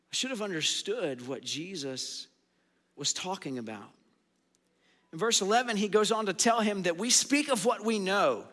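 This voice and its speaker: Man preaching, bright voice in a hall. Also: high voice. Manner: asks the audience questions and answers them himself. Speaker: pastor. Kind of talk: sermon, Bible teaching. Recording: long hall reverb.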